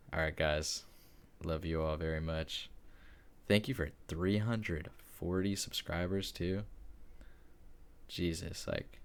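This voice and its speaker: A man's voice: a bass voice, clean tone. A young man, a student, chatting casually and rambling with lots of fillers as he plays a game late at night. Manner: rambling, hesitant, full of likes. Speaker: gaming YouTuber. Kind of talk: casual chat while playing a game.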